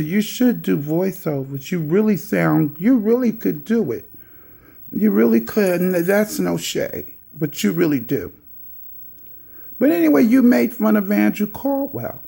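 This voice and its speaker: A woman's voice: on the low side, gravelly, dark tone. A woman vlogger calling out another vlogger in a sassy, scolding, teasing way.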